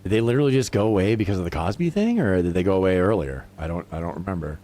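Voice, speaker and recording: This livestreamer talks very fast in a low, expressive, mellow voice. Gaming and chatting casually with viewers, he rambles, swears freely and laughs a lot.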